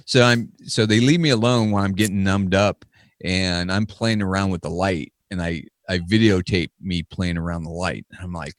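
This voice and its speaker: A man with a very deep voice talks loosely with his co-hosts, tripping over fillers. He has a faint lisp from fresh stitches in his mouth. The sound is dry and close. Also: fairly even intonation, normal speed, no echo. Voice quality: filler-heavy, rambling storytelling. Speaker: podcast co-host. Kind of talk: casual chat.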